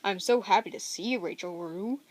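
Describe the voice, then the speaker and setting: A woman voicing a cheerful, slightly scatterbrained middle-aged father in a read-aloud story, dropping her voice a little lower. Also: moderate pace, close to an everyday voice, poor audio. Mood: happy.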